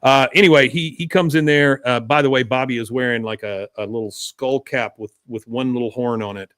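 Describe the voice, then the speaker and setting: A man of medium pitch recapping a cartoon episode in casual podcast chat. His storytelling is animated, and he slips into character voices. The sound is dry and close. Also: fairly quick, clean tone, dry recording. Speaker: podcast host.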